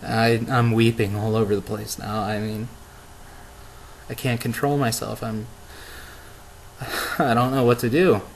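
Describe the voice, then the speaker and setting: A young man vlogging, telling a story emotionally with halting restarts and repeated words. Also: medium pitch, flat delivery, a little hiss or hum, rough recording. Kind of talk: casual vlog monologue.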